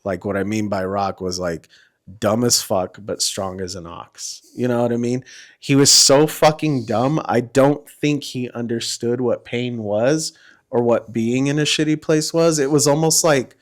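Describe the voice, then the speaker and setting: Profane, laughing ex-Marine storyteller. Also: male voice, medium pitch, measured pace. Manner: profane, laughing storyteller who acts out quotes. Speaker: podcast guest, former Marine. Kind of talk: casual storytelling chat.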